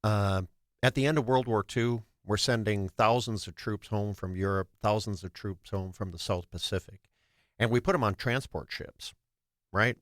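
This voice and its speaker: An older man, a veteran guest, speaking in a measured, explanatory way and posing questions to the listener. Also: lowish voice, dry recording, studio quality. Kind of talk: interview explanation.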